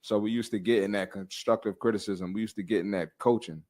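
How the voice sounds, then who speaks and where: A young adult man hosting a casual fitness podcast, blunt and animated, slangy and quick to laugh. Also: on the low side.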